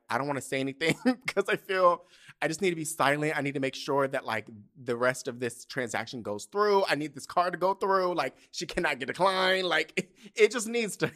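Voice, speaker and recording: A man in his thirties hosting a podcast, telling a story in a casual, animated way, cursing freely and laughing mid-sentence. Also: medium pitch. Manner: animated, profane, laughs mid-sentence, swings loud to hushed. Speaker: podcast host.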